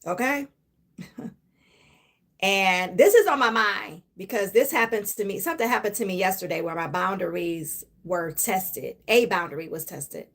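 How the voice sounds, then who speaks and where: A woman's voice: mid-range voice, animated, normal speed, gravelly, fairly bright tone. A middle-aged woman hosting a live stream, giving a casual motivational talk in a chatty, emphatic way and laughing often.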